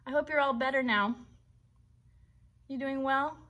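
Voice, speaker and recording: A woman's voice: high voice, fairly even intonation, a little slow, lo-fi sound. A woman hosting a children's puppet livestream, cheerfully asking young viewers questions and encouraging them. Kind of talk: friendly talk to young viewers.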